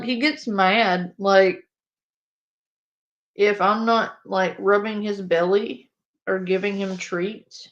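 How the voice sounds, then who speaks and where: A woman's voice: medium pitch, fairly bright tone, lo-fi sound. A woman hosting a live stream, chatting casually and playfully scolding her pet. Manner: playful, talks to her pet while reacting. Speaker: stream host.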